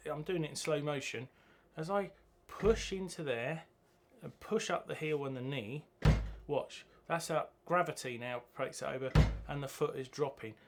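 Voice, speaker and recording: A man's voice: fairly high pitch, moderate pace, noisy background. A man teaching a drum lesson, chanting rhythm words as he plays. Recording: loud drumming behind the voice. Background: drum kit playing.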